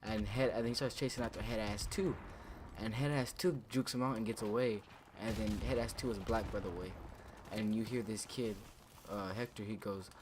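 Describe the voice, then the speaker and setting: Background noise sits under a fairly low male voice as a young storytime vlogger shares a school-days anecdote. His telling is casual and meandering, full of swearing and filler words.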